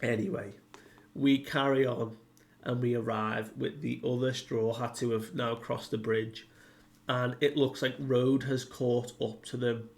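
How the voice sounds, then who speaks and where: Male reviewer, slow easygoing recap, loose and rambling, many "like"s. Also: mid-range voice, flat delivery. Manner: rambling, heavy use of "like", paraphrases characters. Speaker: manga reviewer. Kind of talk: casual chapter recap.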